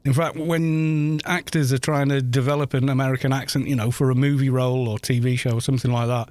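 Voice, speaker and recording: A man's voice: medium pitch, level tone, fairly quick, darkish tone, no room sound. A man from Wales chatting casually on a gaming live stream, rambling, laughing often and swearing at the game.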